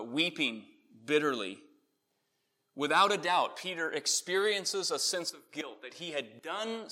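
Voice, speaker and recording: A man delivers a sermon with a bright, forward voice that sits a little high. He preaches earnestly, pressing harder on key points and then easing off into quieter reflection. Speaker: pastor. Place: church in Connecticut.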